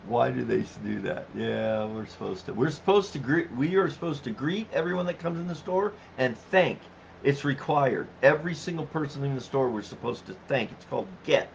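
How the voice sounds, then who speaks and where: A man's voice: moderate pace, vocal fry. A man in his fifties hosting a casual livestream, chatting easily, laughing often and reading viewer comments aloud. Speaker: livestream host reading chat. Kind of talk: casual live-stream chat. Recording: dull low-fi stream audio with faint noise.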